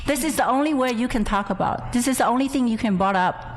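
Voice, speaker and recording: A woman's voice: on the high side, quick pace, slight background noise. A woman in a heated debate, defensive and deflecting questions. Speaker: debate guest.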